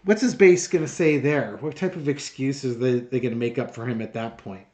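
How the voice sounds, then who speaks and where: A man's voice: medium pitch, a little fast, a little mellow. A man hosting his own tarot channel, talking casually and sarcastically, sounding exasperated and rambling through fillers as he sets up a reading. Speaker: tarot reader and channel host.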